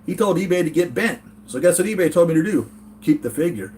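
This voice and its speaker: A man's voice: fairly high pitch, expressive, quick pace, warm tone, slight background noise. A man from the United States hosting a casual live-chat vlog from his home, rambling earnestly and reading chat comments aloud. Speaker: toy collector channel host.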